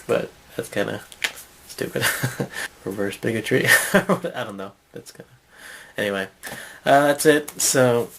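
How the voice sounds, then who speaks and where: A man's voice: mid-range voice, measured pace, gravelly, long pauses, noisy background. A man hosting a comedy vlog, talking in a loose, meandering way, full of fillers and little chuckles. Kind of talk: rambling casual monologue.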